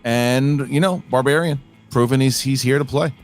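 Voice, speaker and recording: Male host, mid-pitched, upbeat analyst, soft music underneath. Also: moderate pace. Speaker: show host. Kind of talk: post-match analysis and sign-off.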